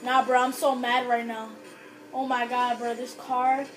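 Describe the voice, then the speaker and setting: A woman chatting casually with friends while gaming, loud and excitable, swearing freely. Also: a little high, measured pace, faint music behind, rough recording. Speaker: gamer playing with friends.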